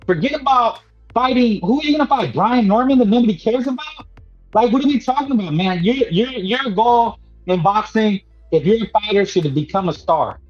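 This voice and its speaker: A man with a high voice holding forth as a boxing talk host, emphatic and preachy, and he keeps tossing in "man." The audio is dull and lo-fi, with faint music running underneath. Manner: emphatic and preachy, repeats himself, peppers lines with "man". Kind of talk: casual boxing commentary monologue.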